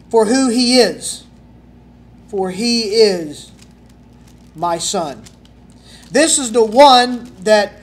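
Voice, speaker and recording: A pastor with a high voice preaches at an unhurried pace, reading scripture aloud. He talks in a folksy way, tosses rhetorical questions to the congregation, and drops from loud emphasis to almost a whisper.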